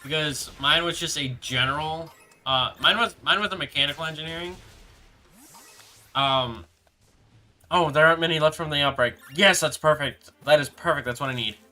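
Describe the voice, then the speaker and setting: Bright-voiced young man chatting on stream. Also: on the high side. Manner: rambling, halting, reads chat aloud and answers. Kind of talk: casual live-stream chat. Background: background music.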